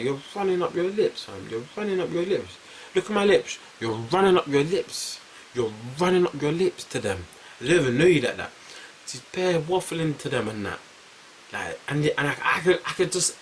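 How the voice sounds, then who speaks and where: A young man with a London accent telling a casual story to camera, animated and repetitive, full of street slang. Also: mid-range voice, a little hiss or hum, low-quality recording. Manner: animated, repeats phrases, heavy slang. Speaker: vlogger.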